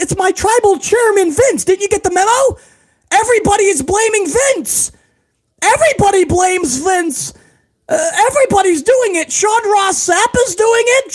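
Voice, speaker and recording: Squeaky, self-pitying male boss, as a man does a comedic impression of him, pleading and whining in a very high voice. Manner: whining, pleading, playing the victim. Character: whiny, self-pitying male wrestling executive.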